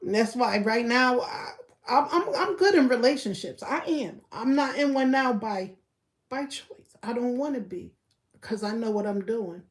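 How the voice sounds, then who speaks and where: A young woman giving blunt, profane gossip commentary on a live stream, repeating her points and breaking into loud laughter. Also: fairly high pitch, animated, measured pace. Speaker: livestreamer.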